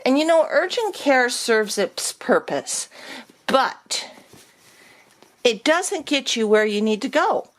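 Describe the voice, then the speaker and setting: Slow-talking middle-aged woman telling a story. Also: high voice. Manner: animated retelling, acts out quoted exchanges. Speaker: vlogger. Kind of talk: casual storytelling vlog.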